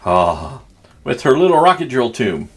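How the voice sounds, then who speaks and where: A man's voice: medium pitch, sing-song, a little slow, breathy edge, soft background music. A man with a Southern country accent giving casual, crude, joking commentary as he unboxes a video game collection. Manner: crude joking, rambling and chatty. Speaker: gaming channel host.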